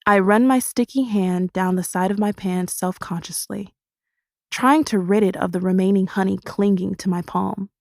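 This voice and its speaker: A woman reading a first-person audiobook in a steady, expressive storytelling manner. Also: medium pitch, moderate pace, gravelly, no echo, clean studio sound. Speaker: audiobook narrator.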